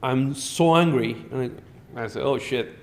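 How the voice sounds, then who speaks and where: A middle-aged man, a doctor guest on a podcast, telling animated patient stories in a blunt, profane way. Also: medium pitch, unhurried, vocal fry, slight background noise. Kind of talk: storytelling in a podcast interview.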